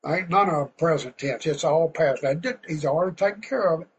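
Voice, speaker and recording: A man preaching a sermon in a folksy, fervent way, now and then getting loud. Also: a little high, a little fast, a little hiss or hum, low-quality recording.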